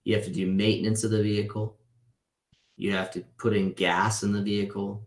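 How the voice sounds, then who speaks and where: In a level, low voice that runs a little fast, a man in his thirties lectures a casual class over video call. He talks loosely, checking in with students through a tagged "right?" on his points, and the audio carries a roomy echo.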